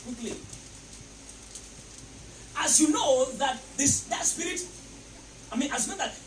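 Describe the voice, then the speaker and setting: A man preaching a sermon emphatically, repeating phrases and leading the congregation in call-and-response. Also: extremely high pitch. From Nigeria. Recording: echoey, distant mic, noisy.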